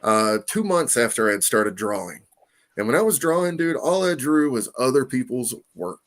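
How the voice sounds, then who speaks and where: A man telling a story in a casual interview, animated and profane, acting out quoted voices and laughing often. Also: mid-range voice, moderate pace. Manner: animated, profane, lots of "you know what I mean". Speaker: comic artist guest.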